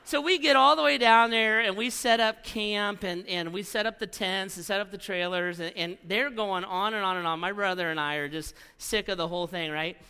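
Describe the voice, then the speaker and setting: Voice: mid-range voice, normal speed, few pauses, pushed and bright, clean tone, big-room sound. A pastor preaching a sermon, telling a story with repeated phrases and frequent "right?" tags.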